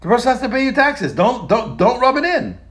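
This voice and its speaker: Animated, high-voiced male Torah teacher. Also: a little fast. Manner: animated and emphatic, repeats phrases and restarts. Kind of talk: explaining a text in a lesson.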